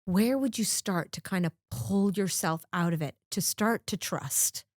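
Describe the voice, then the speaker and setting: A woman hosting a casual podcast interview, chatty and animated, swearing casually. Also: medium pitch, unhurried, no room sound, clean studio sound. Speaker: podcast host.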